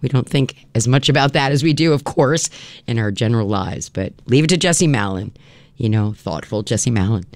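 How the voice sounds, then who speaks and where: Lively, chatty woman radio DJ. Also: rumbling low, moderate pace, a little hiss or hum. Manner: chatty, laughs easily, playful asides. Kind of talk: casual on-air radio chat. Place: radio studio. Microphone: studio microphone.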